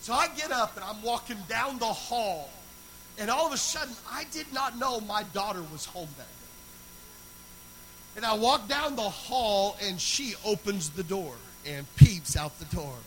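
A man with a high, bright voice preaches a sermon. He tells a personal story in a loose, talky way, then swells into loud, rhythmic, chanting preaching. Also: lively intonation, a little slow, slight background noise, low-quality recording. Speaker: pastor.

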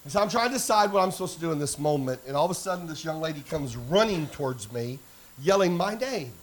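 A male pastor preaching a sermon, telling a personal story and building to fervent, shouted exhortation. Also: a little high, expressive, fast talker.

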